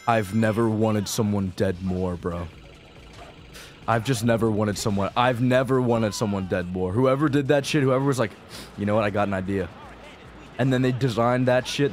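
A young man with a fairly low voice narrates gameplay as a video creator, speaking at normal speed in a steady tone. His casual, profane commentary rambles with frustration, falling to mutters before sudden outbursts. Game music plays faintly behind.

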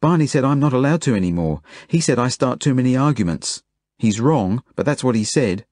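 A man's voice: on the low side, very animated, moderate pace, mellow, breathy edge, no room sound, studio quality. A man reading an audiobook voices a bossy, cross little girl who talks insistently and scolds.

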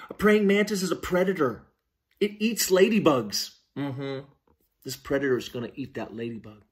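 A man leads a handwriting lesson for small children, speaking slowly and patiently. His voice sits a little high and swoops up and down in a lively, sing-song way as he talks them through each stroke. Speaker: teacher.

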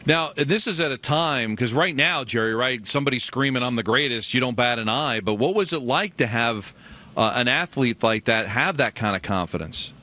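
Man, interviewer, bright, forceful voice, casual conversational questions. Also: medium pitch, animated, normal speed.

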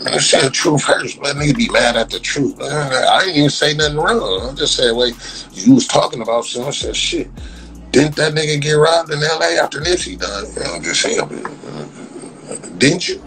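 A man's voice: on the high side, expressive, normal speed, a bit bright, a little hiss or hum. A man ranting on a livestream, heated, repetitive and mocking.

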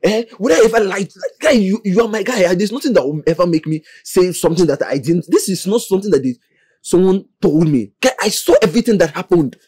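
A man's voice: high voice, animated, quick pace, darkish tone, breathy edge, dry recording, clean studio sound. An insistent, stammering young man. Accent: Nigerian. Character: insistent young man Carlos swearing he saw everything.

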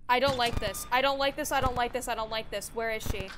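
A woman's voice: on the high side, quick pace, few pauses, over music, rough recording. A young adult woman streaming a horror game live, panicking, swearing and repeating herself under stress. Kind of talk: live gameplay reaction.

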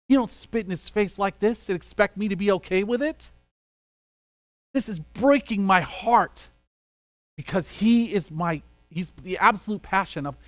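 High-voiced conversational male pastor. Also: fairly bright tone, dry recording. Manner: conversational, acts out little quoted exchanges. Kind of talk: sermon.

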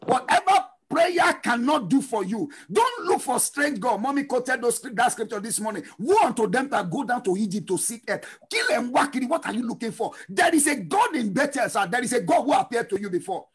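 A middle-aged man preaching a fervent sermon, shouting refrains and breaking into sung lines. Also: very high-pitched, animated, a little fast, few pauses, slightly rough. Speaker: pastor.

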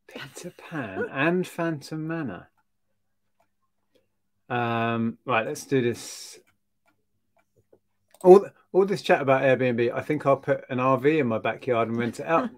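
A man's voice: medium pitch, unhurried. A man co-hosting a casual live-stream chat, reading comments and joking. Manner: jokey, sings snatches of songs. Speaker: co-host.

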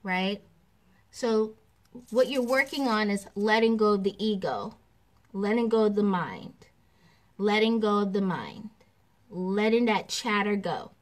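Animated, slow-talking woman spiritual teacher. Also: mid-range voice. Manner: animated, repetitive, laughs often, acts out examples. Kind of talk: casual spiritual class talk.

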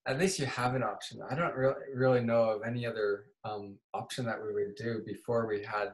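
Woman, extremely low voice; hesitant participant who gropes for words. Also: fairly even intonation, poor audio. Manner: halting, searching for words. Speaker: class participant. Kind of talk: casual group chat.

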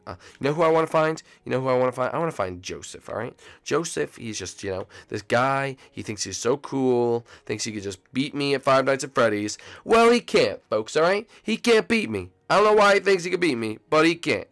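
Brisk and barely pausing, a man with a mid-range voice and vocal fry hosts a gameplay channel. He keeps up chatty banter with viewers, addressing them as "folks," and lets out excited yelps and shouts during game moments.

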